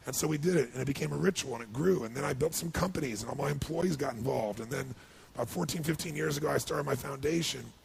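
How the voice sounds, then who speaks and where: A man telling an emotional story to a seminar audience, building to excited outbursts. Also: a little high, fast talker, gravelly, crowd noise. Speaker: motivational speaker. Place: large seminar hall with audience.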